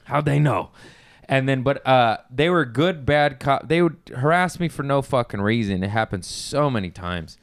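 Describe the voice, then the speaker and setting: Smooth-voiced man telling loose stories. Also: medium pitch, animated, moderate pace, few pauses, no echo, clean studio sound. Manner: loose, rambling storytelling with laughs and restarts. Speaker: podcast host. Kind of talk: casual chat.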